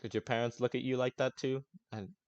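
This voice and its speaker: A man's voice: medium pitch, flat delivery, a little fast, a little mellow, no echo, lo-fi sound, voice pushed up, lightly acted. A man voicing a sarcastic, rude elf man who swears often, in a tabletop game.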